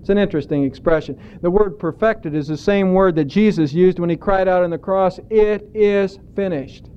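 Man preaching, slow and deliberate, high smooth voice, dull lo-fi sound. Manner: deliberate preaching with stretched emphatic words. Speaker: pastor. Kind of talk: sermon.

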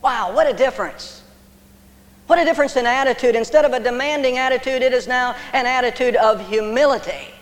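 A man preaching a sermon as pastor, emphatic, with pauses for effect. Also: very high voice, steady tone, a bit bright, big-room sound.

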